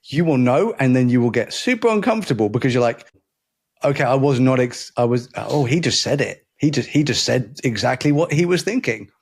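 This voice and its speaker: A man in casual podcast conversation, speaking at a middle pitch. He rambles, restarts his sentences and laughs often. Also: lively intonation, fairly quick, a little mellow, husky. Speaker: podcast co-host. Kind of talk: casual chat.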